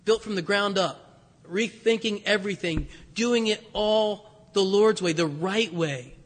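A priest with a high voice delivers a homily. He tells stories in a loose, chatty way, stumbling over restarts as he goes. His voice carries a long reverb that fills the church. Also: measured pace. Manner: conversational storytelling with frequent restarts.

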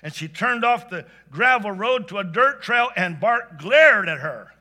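Guy telling a story, high bright voice, goes quiet then gets all excited. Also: measured pace. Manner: animated, swings between hushed and excited. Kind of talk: expressive spoken storytelling.

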